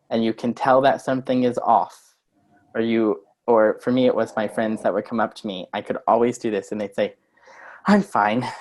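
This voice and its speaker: Earnest man explaining on a video call. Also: lowish voice. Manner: earnest, acts out short example lines. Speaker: guest coach. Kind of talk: conversational explaining.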